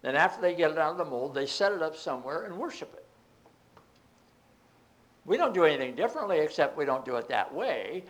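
A man's voice: on the high side, sing-song, fairly quick, pauses often. A man preaching a Bible teaching, reading scripture aloud and explaining it with emphatic outbursts.

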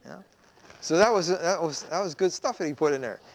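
High-voiced man preaching a sermon. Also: lively intonation, a little fast. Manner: conversational preaching with rhetorical questions. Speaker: pastor.

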